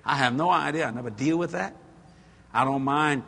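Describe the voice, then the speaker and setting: A middle-aged man preaching a storytelling sermon, folksy and animated, laughing at his own stories. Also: a little high, normal speed, gravelly, slightly rough.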